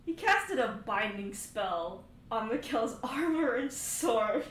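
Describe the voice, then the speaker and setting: A woman's voice: a little high, lively intonation, slow, hardly any pauses. A woman playing a tabletop role-play game, chatting casually and narrating her character's actions with frequent giggles. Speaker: player. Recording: echoey room, away from the mic, faint noise.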